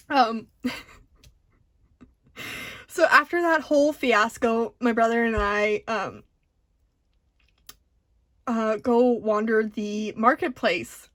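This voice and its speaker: A young woman vlogger telling a convention story in a casual, excitable, giggly way, jittery from caffeine. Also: on the high side, takes it slowly, long pauses. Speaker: diamond painting vlogger.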